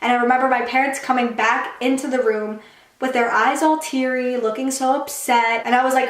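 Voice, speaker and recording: In a storytime vlog, a young female YouTuber chats casually, her slightly high voice fast and lively. She retells events with acted-out quotes and plenty of "like" fillers, and the room around her gives off a noticeable echo.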